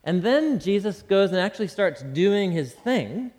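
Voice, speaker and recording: Lively male preacher in a reverberant hall. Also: high-pitched, measured pace. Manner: animated, acts out quotes with sudden shifts in voice; talks to the congregation with questions and asides. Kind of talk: sermon.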